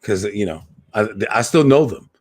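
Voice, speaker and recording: A man with a fairly low voice tells a story in loose casual chat, relaxed and swearing freely. The sound is dry and close, with little room echo. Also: moderate pace. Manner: laid-back, profane, laughs at own story.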